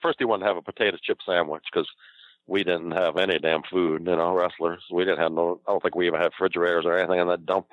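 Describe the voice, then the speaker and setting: A man's voice: deep voice, steady tone, fast talker, dry recording, phone-quality sound. A man, a former wrestler, telling a story in casual talk, laughing often and swearing freely. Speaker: former pro wrestler, guest.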